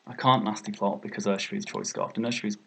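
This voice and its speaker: Gravelly British man thinking aloud over a game. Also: fairly low pitch, level tone, fast talker, fairly bright tone, a little hiss or hum. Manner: self-critical, exclaims often, thinks aloud. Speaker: gaming video creator. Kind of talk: live commentary over a competitive game.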